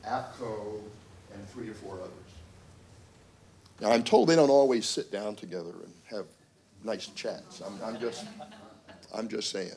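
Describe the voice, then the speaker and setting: A man's voice: fairly low pitch, unhurried, pauses often. Man telling a wry story as dean. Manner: storytelling, wry asides, animated quotes. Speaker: university dean. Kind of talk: symposium speech with anecdotes. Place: conference room.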